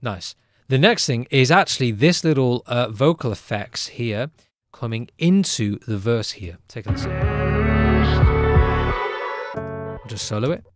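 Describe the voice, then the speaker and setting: A man who produces music gives a casual, upbeat tutorial in a chatty way, often tagging lines with a quick question. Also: mid-range voice, lively intonation.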